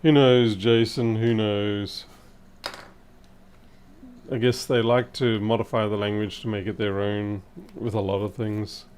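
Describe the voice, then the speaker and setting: A lower-voiced man talks half to himself as he works, thinking aloud in a loose, casual way. His voice is a little hoarse and wavers at times. A faint hum sits behind him. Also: level tone, unhurried, a little mellow. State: slightly hoarse. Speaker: repair technician livestreaming. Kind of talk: casual live-stream commentary while working.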